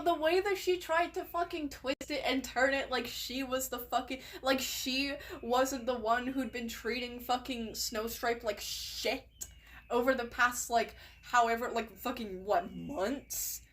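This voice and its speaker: A woman's voice: on the high side, a little slow, a bit bright. A young woman streamer reading an interactive story aloud on a live stream, reacting with emotion, laughing and swearing freely.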